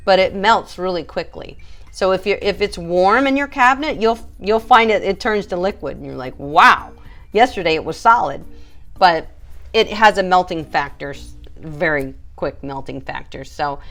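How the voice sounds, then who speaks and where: A woman's voice: mid-range voice, fairly bright tone. A woman, a pet groomer, hosting a casual live stream, chatty and emphatic as she answers viewers by name.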